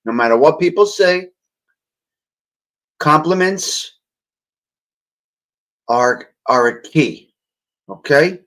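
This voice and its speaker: A man's voice: fairly high pitch, lively intonation, takes it slowly, pauses often, fairly bright tone, rough recording. Chatty man hosting a casual livestream. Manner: chatty, wisecracking, talks to viewers by name. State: voice a little off after a long night. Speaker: livestream host. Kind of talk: casual live chat reading viewer comments. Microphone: cheap handheld mic moved near and far.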